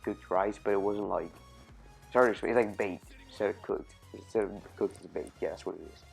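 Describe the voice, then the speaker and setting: A man's voice: on the low side, vocal fry. Rambling young man telling a story. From Cuban family. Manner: rambling, filler-heavy, self-correcting. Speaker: YouTube storyteller. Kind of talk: casual storytime vlog.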